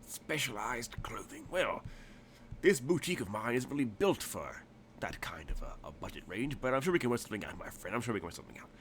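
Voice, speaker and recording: A man's voice: mid-range voice, big pitch swings, brisk, a little hiss or hum, close to an everyday voice. A man putting on a smarmy Cockney tailor. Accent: exaggerated Cockney. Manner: oily, ingratiating salesman patter. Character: smooth lying confident male cyberpunk tailor.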